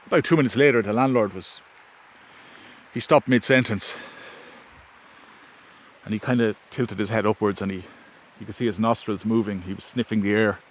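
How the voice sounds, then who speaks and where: Low-voiced man telling a rambling story. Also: fairly even intonation, normal speed, pauses often. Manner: rambling anecdotal, self-interrupting. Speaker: vlogger. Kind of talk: casual storytelling. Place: outdoors in wind. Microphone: phone. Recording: faint wind and ambience.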